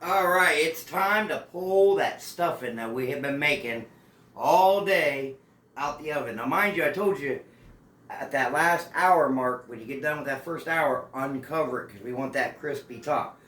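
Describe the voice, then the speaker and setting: A man's voice: fairly high pitch, unhurried, fairly bright tone. A man hosting a casual cooking demonstration at home, chatty and playful. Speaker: cooking show host. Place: home kitchen. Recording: echoey home kitchen.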